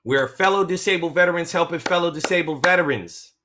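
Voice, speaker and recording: Middle-aged man, veterans' claims coach, bright and slightly high voice, emotional, rambling, keeps restarting his sentences. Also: brisk, a little hiss or hum. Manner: emotional, rambling, self-interrupting. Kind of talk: motivational vlog talk.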